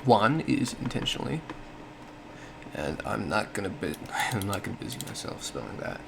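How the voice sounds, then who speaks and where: A man's voice: on the low side, very animated, normal speed, gravelly, noisy background. A man giving a casual explanatory monologue, thinking aloud with frequent self-corrections and small laughs. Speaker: solo podcast host.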